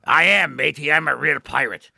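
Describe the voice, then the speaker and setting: A man voicing a gruff old male pirate while telling a joke. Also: a little high, moderate pace, sharp tone, no room sound, studio quality, exaggerated voice.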